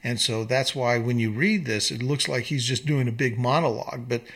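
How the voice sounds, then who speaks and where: A man's voice: medium pitch, normal speed, a bit bright. A man reading historical quotes aloud and commenting on them in an earnest, emphatic way, with slips and restarts. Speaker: commentator on founding documents.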